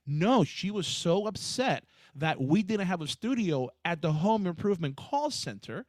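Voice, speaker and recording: A man with a fairly high voice talks on a podcast, telling stories in an emphatic, animated way. The sound is close and dry with no room echo. He has a casual, conversational delivery. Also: normal speed, hardly any pauses. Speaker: podcast co-host, HR professional.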